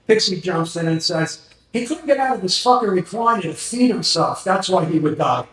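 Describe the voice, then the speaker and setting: A man's voice: high-pitched, lively intonation, normal speed, fairly bright tone. A man in his sixties doing an open mic stand-up set with wry, self-deprecating stories. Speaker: stand-up comedian. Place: comedy venue with live audience. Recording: echoey room.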